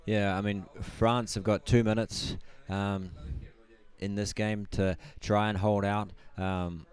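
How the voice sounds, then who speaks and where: A man giving colour commentary on a match, hesitant and filling pauses with ums and you-knows. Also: on the low side, flat delivery, smooth. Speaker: color commentator. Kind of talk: live sports commentary.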